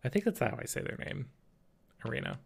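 A man's voice: medium pitch, huge pitch swings, a little fast, vocal fry, breathy edge. A male streamer chatting casually while gaming, apologetic and flustered, laughing often and answering chat.

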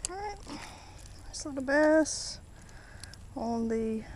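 A woman's voice: high voice, animated, slow, a little mellow, a little hiss or hum, rough recording. A woman vlogging outdoors by the water, casually narrating each catch and chatting to the fish as she unhooks them. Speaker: fishing vlogger. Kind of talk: casual play-by-play while fishing.

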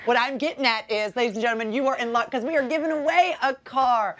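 A woman's voice: fairly high pitch, fast talker, fairly bright tone, slight background noise. A woman co-hosting a studio lifestyle show, chatty and enthusiastic as she introduces the segment. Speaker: show co-host. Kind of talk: casual studio chat.

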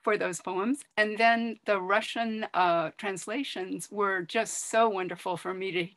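A woman's voice: medium pitch, steady tone, measured pace, a bit bright, no echo. Chatty woman on a video call. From United States. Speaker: guest speaker. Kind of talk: casual chat on a video call.

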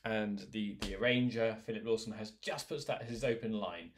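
A man leading a choir rehearsal, gently giving instructions, counting in and singing short lines for the singers to repeat. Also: fairly low pitch, a little fast, few pauses, faint music behind. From England. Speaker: choir leader. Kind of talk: online choir rehearsal, call and response.

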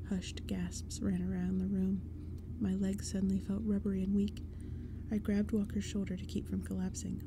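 A woman reading a spooky story aloud in a soft, hushed whispered role-play. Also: mid-range voice, monotone, normal speed, noisy background. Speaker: ASMR storyteller.

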